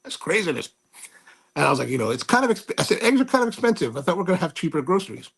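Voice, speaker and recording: A man's voice: high voice, sing-song, racing, vocal fry, fairly bright tone, breathy edge. A man hosting his own show, telling a rambling, snarky story with many restarts. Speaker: host. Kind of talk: casual monologue.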